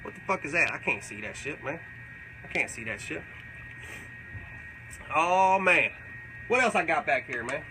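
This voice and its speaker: A man's voice: fairly high pitch, lively intonation, normal speed, long pauses, heavy background noise, close to an everyday voice. A man playing a profane, rambling, boastful older backwoods man in a live comedic question-and-answer. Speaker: comedic character.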